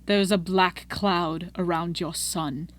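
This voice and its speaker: A woman voicing a wise old male wizard who speaks slowly in a lowered, measured voice. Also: fairly even intonation. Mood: grave.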